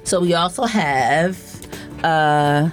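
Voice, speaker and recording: A woman, chatting on the radio about an event she organizes, upbeat and quick to laugh. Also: sits low, faint music behind. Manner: upbeat, laughs often, spells out web addresses. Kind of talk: casual radio chat.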